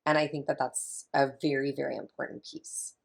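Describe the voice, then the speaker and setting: Low, gravelly-voiced woman talking parenting. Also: little pitch movement, normal speed. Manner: emphatic, chatty, repeats key points. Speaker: family consultant guest. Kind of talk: casual interview talk.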